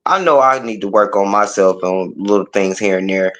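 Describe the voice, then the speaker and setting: A man speaking as a guest in a casual talk, earnest and a bit defensive, often halting as he explains himself. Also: lowish voice, fairly bright tone, low-quality recording. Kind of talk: casual conversation.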